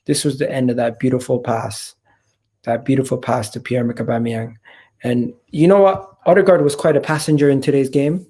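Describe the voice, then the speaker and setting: A man hosts a loose football fan chat, his voice gravelly and rough at the edges. He gets excitable, repeating and restarting phrases as he talks. He sits at a middle pitch for a man. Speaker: fan channel host.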